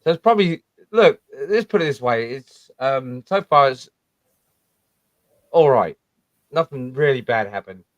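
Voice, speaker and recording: A man's voice: mid-range voice, animated, measured pace, long pauses, no room sound, muffled recording. A man chatting casually as a guest, brash and laughing, with heavy swearing. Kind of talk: casual chat.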